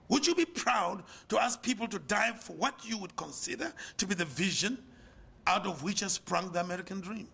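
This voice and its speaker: Gravelly older South African man lecturing. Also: lively intonation, fairly quick, pushed and bright. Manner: rhetorical, emphatic, swings in pitch and volume. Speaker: conference speaker, pastor. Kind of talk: lecture with preacher's cadence. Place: lecture hall.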